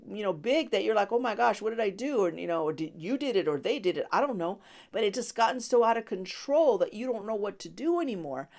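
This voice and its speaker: A woman hosts a devotional podcast as a Bible teacher, speaking conversationally with many fillers and frequent laughter. Her voice is medium-pitched with vocal fry.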